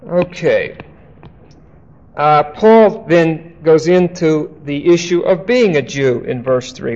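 A man's voice: fairly high pitch, takes it slowly, darkish tone. An older man teaching through a Bible passage verse by verse, conversational, often checking in with "okay?" and telling stories. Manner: conversational, frequent "okay?" check-ins, storytelling asides. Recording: dull lo-fi recording.

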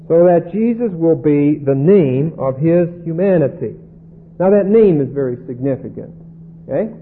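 A man teaching a Bible passage verse by verse, deliberate and often checking in with "Okay?". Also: fairly high pitch, expressive. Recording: tinny phone-like band with faint hum.

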